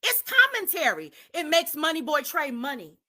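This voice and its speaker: A woman's voice: high-pitched, wildly swooping pitch, normal speed, pushed and bright. A woman giving indignant live commentary, repeating herself for emphasis and lecturing her viewers. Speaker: commentary streamer.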